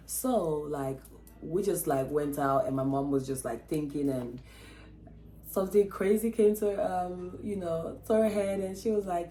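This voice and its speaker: A woman vlogger telling a personal story in a chatty, expressive way, with lots of fillers and acted-out quotes. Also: lowish voice, a little slow, roomy sound, soft background music. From Texas. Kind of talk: casual storytelling vlog.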